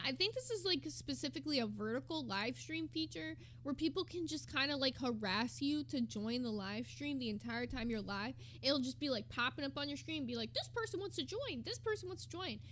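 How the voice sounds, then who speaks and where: Bright high-voiced woman streamer. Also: a little fast, hardly any pauses, a little hiss or hum. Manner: gossipy, sarcastic. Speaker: streamer reacting to a live stream. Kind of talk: casual commentary.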